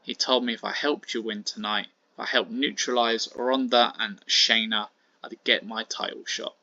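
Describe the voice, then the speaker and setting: A man voicing a determined female wrestler who betrays her partner, speaking low and quiet. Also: steady tone, normal speed, dry recording, lo-fi sound. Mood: cold.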